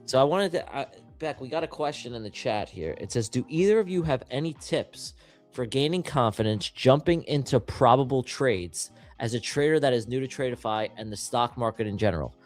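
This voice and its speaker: A man talks through trades on a live stream, animated and full of slang. His voice sits at an ordinary middle pitch. Soft music runs quietly behind him. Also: brisk. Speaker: trading stream co-host. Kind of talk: live-stream trading chat. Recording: faint music in the background.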